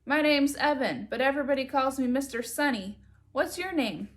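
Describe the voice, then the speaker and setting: A woman's voice: high-pitched, animated, normal speed, pitched above the performer's own voice. A woman voicing a laid-back teenage surfer lifeguard boy with an easygoing drawl. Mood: friendly.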